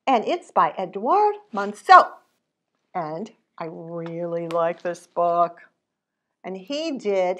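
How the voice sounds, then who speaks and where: Animated sing-song storytime lady. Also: lowish voice, very slow. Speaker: children's storytime host. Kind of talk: preschool storytime with rhymes. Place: library storytime.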